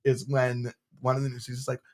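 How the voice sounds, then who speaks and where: A man co-hosting a podcast in casual chat, animated and acting out lines in high voices. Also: a little fast. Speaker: podcast co-host.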